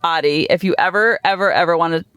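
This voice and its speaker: Middle-aged lady rambling on her podcast, lively and chatty, super dry close mic sound. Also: on the low side, fast talker, clear, resonant tone, no echo. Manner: chatty, animated storytelling with many fillers. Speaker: podcast host and coach. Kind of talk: casual podcast monologue. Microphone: studio podcast microphone.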